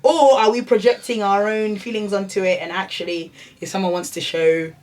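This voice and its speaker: A woman's voice: medium pitch, fairly even intonation, fairly quick, a little mellow. Chatty woman podcast co-host. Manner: chatty storyteller, frequent "yeah" and "like" fillers. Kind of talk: casual chat.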